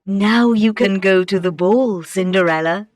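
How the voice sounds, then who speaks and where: A woman voicing a kind storybook fairy godmother in a calm, slow, reassuring way. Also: mid-range voice, no echo, studio quality, natural voice. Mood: gentle.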